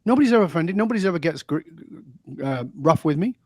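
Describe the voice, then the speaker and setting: A man's voice: fairly high pitch, expressive, fast, a little mellow, breathy edge, no room sound, clean studio sound. A man, a guest in an interview, telling stories and making points in an emphatic, preachy way. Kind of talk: interview conversation.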